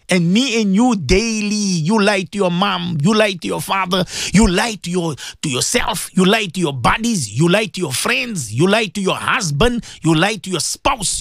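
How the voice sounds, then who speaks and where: A man's voice: sits high, a bit bright, no echo, clean studio sound. A man giving an impassioned radio sermon, repeating his points as he preaches.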